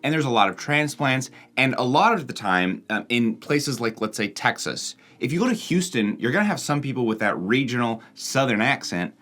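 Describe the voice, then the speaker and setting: A young American man hosting and narrating, explaining things with examples in an animated voice-over. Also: mid-range voice, normal speed, few pauses. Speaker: host and narrator.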